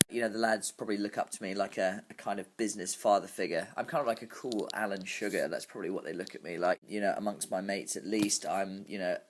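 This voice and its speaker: A man's voice: fairly low pitch, a little hiss or hum, close to an everyday voice. An actor playing a brash, bragging male club promoter, in a comic character monologue full of fillers. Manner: cocky, bragging, full of "you know" fillers.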